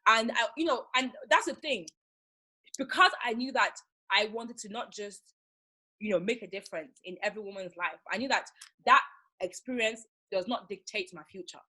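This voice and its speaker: Woman, young, from Nigeria, casual guest chat, bright tone, husky edge. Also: a little high, moderate pace. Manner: animated storyteller, acts out callers. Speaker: guest, makeup artist.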